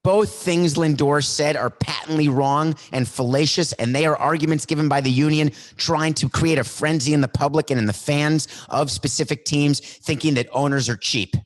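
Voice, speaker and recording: A man hosting a solo sports podcast, talking in a worked-up, animated way and acting out little mock skits. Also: fairly high pitch, moderate pace, hardly any pauses. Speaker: podcast host. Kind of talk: solo sports talk monologue.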